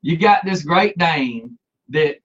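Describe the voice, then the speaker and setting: A man telling a story in casual chat, animated and laughing, acting out the people he quotes. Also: a little high, slow pace, breathy edge. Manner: animated, acts out quoted voices, laughs often. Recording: dull lo-fi sound.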